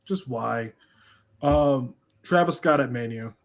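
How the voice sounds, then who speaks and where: A man's voice: mid-range voice, slow pace. A young man co-hosting a casual podcast, complaining bluntly and with lots of profanity. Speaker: podcast co-host.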